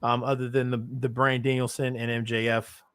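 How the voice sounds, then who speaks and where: A man's voice: mid-range voice, little pitch movement, fairly quick, fairly bright tone, smooth, no room sound, studio quality. A man co-hosting a casual wrestling post-show chat, hesitant with many restarts, joking and profane. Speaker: co-host.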